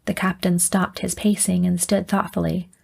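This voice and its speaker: A woman narrating a first-person audiobook in an even, measured reading. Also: lowish voice, gravelly.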